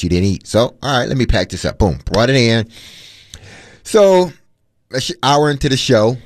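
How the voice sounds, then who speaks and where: Man, low voice, animated storyteller, sports radio co-host, dry close mic. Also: no room sound. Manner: chatty, animated anecdote with fillers. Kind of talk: casual storytelling on talk radio.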